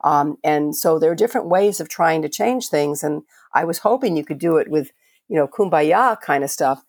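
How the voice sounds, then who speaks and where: A woman's voice: deep voice, animated, moderate pace, a little mellow, no echo, clean studio sound. An older woman from Florida, a veterinarian guest on a podcast, telling stories in a passionate, conversational way with frequent restarts. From Florida, USA. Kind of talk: podcast interview storytelling.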